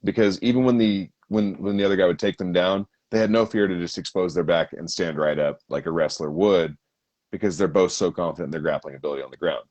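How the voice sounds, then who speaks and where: A man's voice: sits low, quick pace, a little mellow. A man co-hosting a casual podcast, telling a story in a rambling, profane way. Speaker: podcast co-host. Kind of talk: casual chat.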